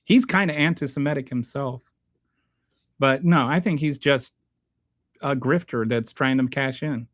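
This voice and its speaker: A man hosting his own show, reading viewer comments aloud and answering them in a halting, blunt, exasperated way, restarting his sentences often. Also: medium pitch, no room sound. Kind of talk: casual unscripted commentary.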